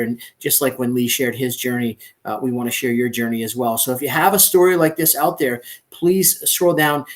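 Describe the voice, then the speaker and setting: A man hosting a podcast over a recorded online call, an earnest and encouraging life coach who reassures listeners. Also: medium pitch.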